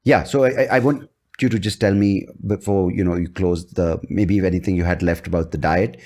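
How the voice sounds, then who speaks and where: A man's voice: low-pitched, brisk, a little mellow. A man hosting a casual podcast interview, chatting easily and telling personal anecdotes. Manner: chatty, acts out others' voices in quotes. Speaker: podcast host.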